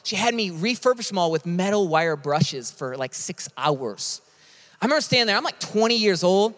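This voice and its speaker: A man preaching a sermon in an emphatic, energetic and casual way. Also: high voice, normal speed. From United States. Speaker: pastor. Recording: long reverb of a large hall.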